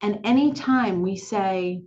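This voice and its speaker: A woman sexuality educator speaking calmly and clearly to the camera, repeating her key points. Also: medium pitch, slow, highs cut off. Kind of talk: direct-to-camera lesson. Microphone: looking into camera, on-camera mic.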